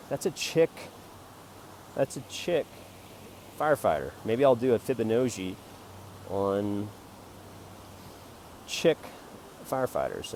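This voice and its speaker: Rambling, mock-grandiose man, faint noise. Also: lowish voice. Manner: jokey, rambling, mock-grandiose, swings between loud bursts and mutters. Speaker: amateur photographer selling prints. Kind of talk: rambling self-promoting monologue.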